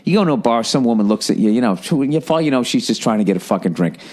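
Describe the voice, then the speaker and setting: A man telling a story in a profane, animated comedic rant as a podcast host. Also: fast talker. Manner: animated, profane, mimics people in high voices.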